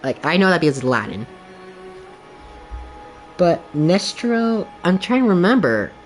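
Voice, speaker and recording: A man's voice: high-pitched, very animated, unhurried, soft background music. A young man streaming a game, chatting casually in a rambling, candid way, leaning heavily on the filler "like". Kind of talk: casual chat while gaming.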